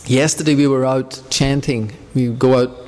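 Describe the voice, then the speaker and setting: A man's voice: mid-range voice, fairly even intonation, moderate pace, big-room sound. A man leading a devotional group, talking informally and telling rambling anecdotes between questions. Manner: rambling, anecdotal, warm storytelling.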